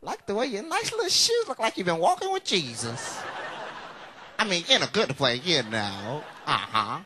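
A catty old church grandmother, put on by a male comedian, her voice swinging wildly up and down as she gossips. She is sweet to faces and sharp behind backs. The live stage recording carries a clear layer of noise. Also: sits high, huge pitch swings, normal speed. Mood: gushing. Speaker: stand-up comedian.

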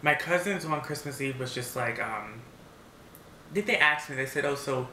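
Casual vlogger, male, around 30, bright voice, rambling storyteller, echoey home recording. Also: a little high, animated, normal speed, slight background noise. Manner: rambling storyteller, many restarts and fillers. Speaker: mukbang vlogger. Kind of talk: casual chat. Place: home, seated eating at a table. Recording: roomy echo.

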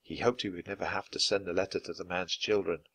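A man narrating a children's chapter book in a clear, measured read-aloud style. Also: low voice, steady tone, fairly bright tone. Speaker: storybook reader.

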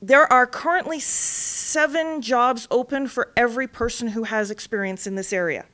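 Animated middle-aged woman giving a talk. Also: a little high, moderate pace. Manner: animated storyteller, acts out voices in anecdotes. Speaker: guest speaker. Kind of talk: lively campus talk. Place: lecture hall.

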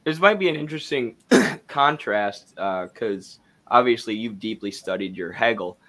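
A man's voice: medium pitch, normal speed, a bit bright. A man with a Wisconsin accent, co-hosting a casual discussion in a loose, chatty way full of fillers. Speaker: co-host.

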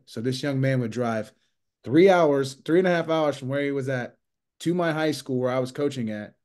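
Animated thirties man telling wrestling stories. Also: medium pitch. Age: 30s. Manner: rambling, animated anecdotes with quoted dialogue. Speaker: guest wrestler and coach. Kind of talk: casual storytelling interview.

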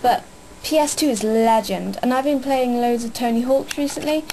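A woman's voice: a little high, moderate pace, dark tone, a little hiss or hum, rough recording. A young woman chatting casually in a vlog, hyper and rambling, with lots of fillers. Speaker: vlogger.

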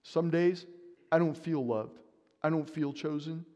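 A man's voice: fairly high pitch, unhurried, darkish tone, lo-fi sound. A man preaching a sermon, telling a story with animation and acting out his own panic. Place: church sanctuary. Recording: long church reverb.

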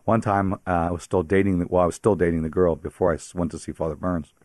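The very deep, darkish voice of a Pittsburgh-area priest comes across flat and fast as he tells his faith story on a radio interview. Chatty and storytelling, he laughs frequently, and the audio is dry and close with no echo or room.

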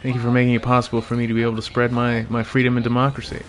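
A young man streaming a game with viewers, chatting casually, cursing often and shouting when excited. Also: mid-range voice, very fast, a little hiss or hum. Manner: profane, joking, bursts of excited shouting. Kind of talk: casual gaming livestream chat.

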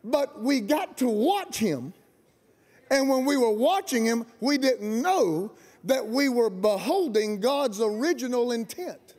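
A man preaching a fiery sermon as guest pastor, shouting and colloquial. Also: extremely high pitch, big pitch swings, slow pace. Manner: shouting, colloquial, Southern-style preaching with rising emphasis. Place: large camp meeting venue.

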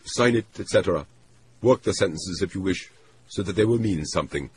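A man's voice: deep voice, brisk, noisy background, voice pushed up, natural voice. A man voicing a formal, anxious middle-aged trade official who speaks in stiff, overly polite phrasing. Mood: formal, musing.

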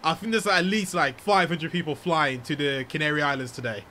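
A young British man from the UK, an excitable, jokey flight sim streamer mixing casual commentary with formal radio calls. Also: a little high, a little fast, slight background noise. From United Kingdom. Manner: excitable, jokey, laughs often.

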